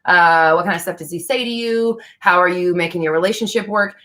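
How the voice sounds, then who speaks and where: Chatty, frank woman with a lowish voice. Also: brisk, fairly bright tone. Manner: chatty, frank, swears casually, laughs often. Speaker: livestream host answering viewer questions. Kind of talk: casual live Q&A chat.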